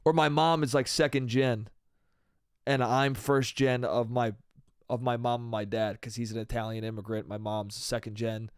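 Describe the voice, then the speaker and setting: A man's voice: medium pitch, steady tone, normal speed, clear, resonant tone, dry recording, clean studio sound. An American man hosting a solo comedy podcast, ranting in a profane, rambling way and saying "dude" constantly. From United States. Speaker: podcast host.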